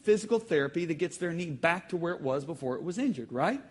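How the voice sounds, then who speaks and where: A male preacher delivering a sermon to a live congregation, swinging between quiet storytelling and sudden shouts. His voice is slightly high and husky, with a lively, sweeping pitch. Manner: animated storytelling, sudden shouts and emphatic drawn-out phrases. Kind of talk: sermon with audience call-and-response. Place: church hall with live congregation.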